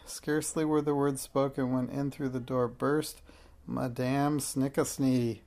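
Gravelly man reading a storybook aloud. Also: mid-range voice. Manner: measured, expressive storytelling. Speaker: narrator.

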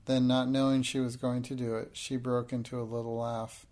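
A man reading a classic children's novel aloud as an audiobook, in steady, measured storytelling. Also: mid-range voice. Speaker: audiobook narrator.

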